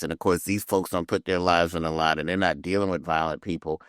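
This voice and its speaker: A man's voice: low-pitched, steady tone, fairly quick, hardly any pauses, clean tone, no echo, clean studio sound. An older man, a retired sheriff, giving emphatic, opinionated commentary on a podcast. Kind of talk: opinionated conversation.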